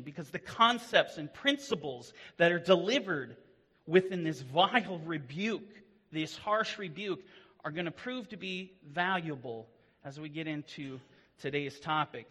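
A man preaching a sermon with earnest emphasis, rising to loud declarations and dropping to low, quiet lines. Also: lively intonation, normal speed, long reverb tail.

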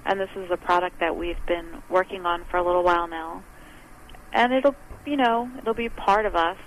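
A woman's voice: lowish voice, moderate pace, a little hiss or hum, rough recording. A woman who runs her own business, talking chattily as an interview guest and acting out other people's words as she explains things. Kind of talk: conversational interview.

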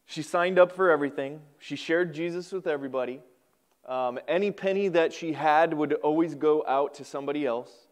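High-voiced, smooth male pastor. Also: moderate pace. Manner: animated, folksy storytelling with pitch swings. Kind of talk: sermon with storytelling. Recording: podcast recording.

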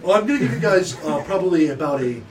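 A young man runs a tabletop game, narrating in stops and starts with many fillers. His voice moves up and down a lot and sits slightly high. He is recorded from a distance. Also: animated, a crowd in the background. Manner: halting, filler-heavy narration. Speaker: game master.

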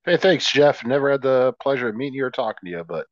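A man's voice: medium pitch, animated, quick pace, dry recording, highs cut off. A man co-hosting a podcast in casual chat, joking and teasing with profane affection. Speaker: podcast co-host.

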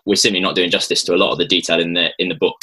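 A man's voice: deep voice, steady tone, very fast, bright, forceful tone, breathy edge, poor audio. A man explaining Bible passages in casual conversation, thoughtful and hesitant, with many ums and restarts. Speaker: Christian guest explaining the Bible.

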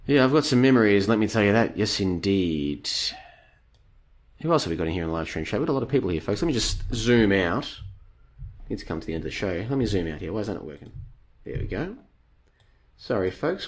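Low-voiced man hosting a rambling live stream. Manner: rambling, talks straight to the audience as "folks", repeats rhetorical questions. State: voice starting to tire after two hours. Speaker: live stream host reading chat. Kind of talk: casual live stream commentary.

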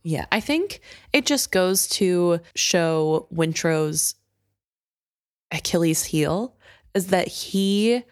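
A woman's voice: lowish voice, dry recording, studio quality. A woman co-hosting a book podcast, chatting animatedly and filling with "like". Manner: animated, quick to laugh, uses "like" a lot. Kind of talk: casual chat.

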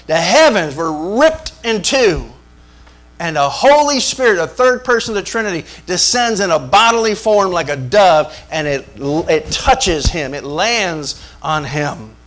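A man's voice: high-pitched, expressive, a little slow, a bit bright. A man preaching a sermon. He speaks emphatically, repeats his lines, calls out for amens and makes jokes. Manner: emphatic call-and-response preaching, repetitive, joking. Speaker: pastor.

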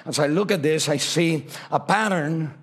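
Man, pastor, sermon, high voice, impassioned then hushed, church. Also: moderate pace. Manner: impassioned preaching, swinging from shouts down to hushed, near-whispered lines; slips into Spanish phrases. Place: church sanctuary.

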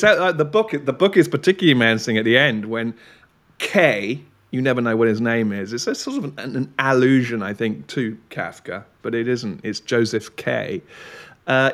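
A man's voice: mid-range voice, a bit bright. A man co-hosting a podcast, talking in a reflective, rambling way with restarts and chuckles. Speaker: podcast co-host. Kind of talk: casual podcast chat.

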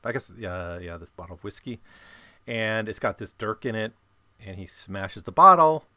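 A man with a lowish voice talks through a novel's plot in a loose, casual way, stopping and restarting often with plenty of fillers. The recording is dry and close, with no room sound around him. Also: expressive, moderate pace, pushed and bright, no room sound. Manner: rambling, many fillers and restarts. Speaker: book discussion host. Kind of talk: casual book summary talk.

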